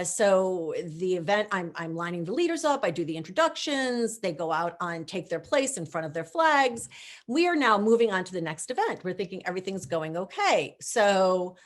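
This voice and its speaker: A middle-aged woman from the United States, a guest at a virtual event, telling lively anecdotes and acting out the voices of people she quotes. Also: fairly low pitch. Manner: animated, acts out quoted voices. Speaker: guest speaker, former protocol chief. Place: video call.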